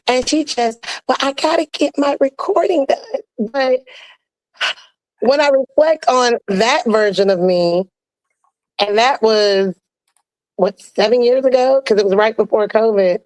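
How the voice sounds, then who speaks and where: A woman co-host speaks in a casual, heartfelt way, slightly high in pitch. She keeps trying to laugh off her emotion. Her stories are peppered with playful quoted lines. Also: unhurried, poor audio. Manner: emotional, fighting back tears, laughing; playful, chatty with quoted asides. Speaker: podcast co-host.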